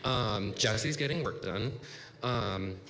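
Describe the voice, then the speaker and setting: A man in his thirties shares a personal story at a bar's live story slam, speaking slowly with a lowish, slightly bright voice. He's casual and rambling, using "like" a lot, and the reverberant room carries faint noise.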